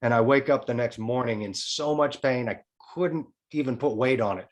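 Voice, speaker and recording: A man's voice: mid-range voice, normal speed, muffled recording. A man in his forties, a podcast guest telling a personal story in casual chat, frank and often swearing. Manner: frank, swears freely, tells a story in a lively way.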